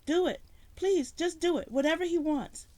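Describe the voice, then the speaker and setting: A woman's voice: expressive, normal speed, a little mellow, no room sound. Woman doing a frantic panicked woman. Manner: frantic, high-pitched exclamations.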